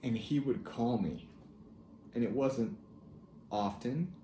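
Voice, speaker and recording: A young man telling a personal family story in a halting, reflective way, with soft laughs. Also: medium pitch, a little hiss or hum. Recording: echoey room with faint ambience.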